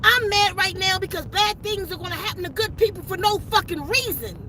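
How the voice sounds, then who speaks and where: A woman's voice: extremely high pitch, fairly quick, background noise. A woman, delivering an emphatic, profane, preachy spiritual rant straight to camera. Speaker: channel host giving a spiritual message.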